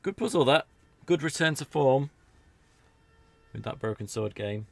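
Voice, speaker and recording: This British gamer has a gravelly, medium-pitched, expressive voice and talks in an unhurried way as he plays. His let's play commentary is casual, rambling and chatty, peppered with jokey asides.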